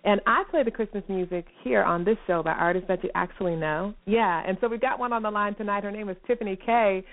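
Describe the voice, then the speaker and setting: A woman hosting a radio show in casual chat, bubbly and playful, laughing often. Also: mid-range voice. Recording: phone-like narrow radio sound.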